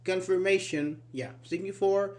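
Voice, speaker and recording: Male English teacher, slightly higher voice, patient and repetitive, lots of "actually" and "uh-huh". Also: steady tone. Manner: explains slowly, asks students questions, repeats key words. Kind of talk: live online grammar class.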